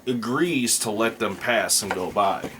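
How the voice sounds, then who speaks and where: A low-voiced man plays a tabletop game on his own, narrating each dice roll very slowly. He thinks aloud as he goes, pausing over each choice. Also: noisy background. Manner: slow, thinking aloud while rolling dice. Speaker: solo tabletop game player.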